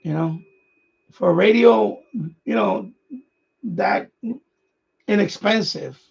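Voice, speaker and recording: Guy rambling on a radio live stream, gravelly high voice, kinda dull lo-fi sound. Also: slow. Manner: rambling, repeats himself, chuckles often. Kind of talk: casual live-stream chat.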